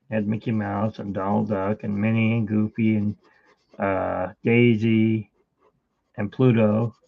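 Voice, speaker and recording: A middle-aged man with a medium-pitched voice and noticeable vocal fry hosts a live drawing stream. His casual talk wanders into stories, and the stream audio sounds tinny, like a phone.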